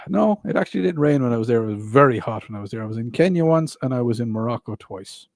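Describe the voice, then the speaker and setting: A man's voice: medium pitch, expressive, fast, gravelly, darkish tone, dry recording, studio quality. A man joking dryly in casual banter as a regular on a radio show.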